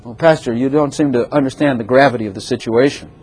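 A man's voice: mid-range voice, fast talker, darkish tone, breathy edge, pitched below the performer's own voice, close to an everyday voice, low-quality recording. A pastor quoting a worried churchwoman. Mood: protesting. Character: worried churchwoman complaining about her husband.

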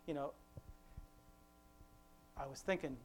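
A father leading an informal family devotion, talking in a rambling, conversational way with many restarts, and slowing down to quote scripture with emphasis. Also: fairly high pitch, slight background noise.

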